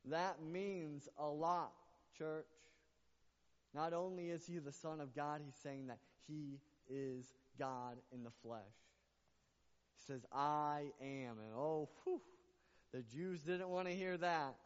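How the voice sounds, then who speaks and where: A man's voice: on the high side, takes it slowly. A man preaching a sermon to his congregation, emphatic and repetitive, building his points through repeated lines. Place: church service. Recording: dull lo-fi with long reverb.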